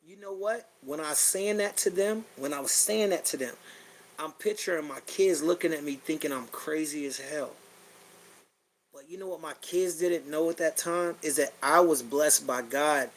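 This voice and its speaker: A middle-aged man with a fairly high-pitched voice talks bluntly into his podcast mic. He swears freely and circles back on his own phrases as his feeling rises and falls. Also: slight background noise, rough recording. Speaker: podcast host. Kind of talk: blunt personal monologue.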